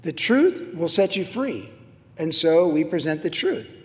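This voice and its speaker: Middle-aged man, pastor, preaching a sermon, high voice, long reverb of a church hall. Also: big pitch swings, unhurried. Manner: emphatic, repetitive preaching.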